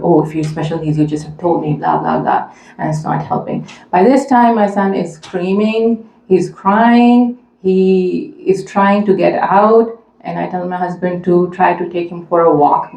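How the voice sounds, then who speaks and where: Low, gravelly woman in an echoey hall. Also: warm tone. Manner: earnest, conversational, many fillers. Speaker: mother speaking at a community event. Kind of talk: personal story told to an audience. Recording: echoey room.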